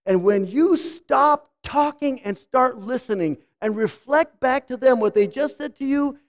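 A middle-aged man from the United States preaching a sermon, swinging from loud outbursts to quiet asides. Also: very high-pitched.

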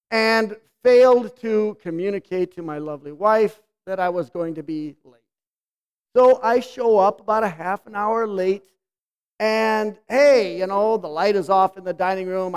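A middle-aged man from the United States delivers a sermon. He talks in an animated way, swinging from loud outbursts to quiet, confiding asides. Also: high-pitched, smooth.

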